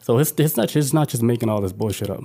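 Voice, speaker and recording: A man with a mellow, darker voice riffs casually as a podcast co-host. His talk is loose and profane, full of "like" and restarts. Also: mid-range voice, expressive, fast. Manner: loose and profane, lots of "like" fillers. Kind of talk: casual chat.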